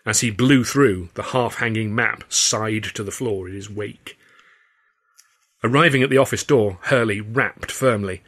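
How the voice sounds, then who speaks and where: A man's voice: on the low side, a little slow, fairly bright tone. A man reading his own novel aloud as narrator, telling the story in a wry, descriptive way. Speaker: author and reader. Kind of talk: scripted audiobook narration.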